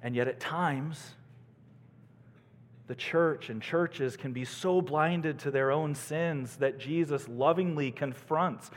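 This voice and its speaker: A male pastor preaching a sermon in a church, earnestly, swinging between soaring emphasis and hushed lows. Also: slow pace, in a large hall.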